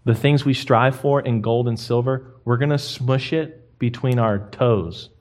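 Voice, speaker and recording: A young man preaching a sermon, emphatic and lively, swinging from quiet to loud. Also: mid-range voice, unhurried. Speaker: pastor.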